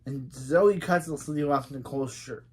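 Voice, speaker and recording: A man's voice: mid-range voice, normal speed, darkish tone, slightly rough. A man giving casual reaction commentary as a show reviewer, recapping scenes in a chatty way, reading lines aloud and getting indignant.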